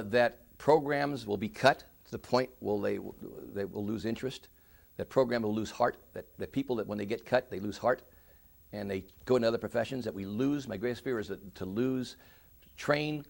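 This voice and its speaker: A middle-aged man giving an oral history interview, speaking earnestly with many halting restarts. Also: mid-range voice, vocal fry. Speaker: interviewee, victim services director.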